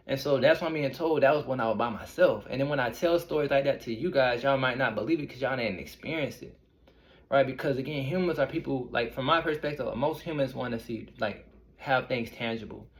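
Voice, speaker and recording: Guy in his 30s, medium pitch, rambly casual talk to his viewers, keeps asking them stuff. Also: fast. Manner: rambling, asks the viewers questions. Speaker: spiritual medium.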